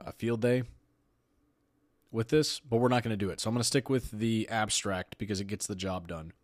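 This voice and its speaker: A man's voice: on the low side, dry recording, studio quality. A man hosting a podcast, talking casually and sarcastically, often laughing while he reads aloud. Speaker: podcast host.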